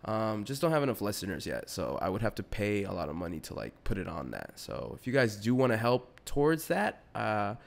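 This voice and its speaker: Young man with a lively, rambling voice. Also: fairly low pitch, fairly quick, vocal fry, hardly any pauses. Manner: rambling, slangy, profane. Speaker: podcast host. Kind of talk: casual solo podcast monologue.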